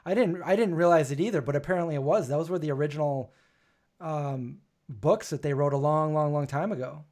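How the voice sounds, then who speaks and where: A man with a fairly high voice hosts a relaxed livestream chat. He rambles from one thought to the next and breaks in with frequent exclamations. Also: a little fast. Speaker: show host.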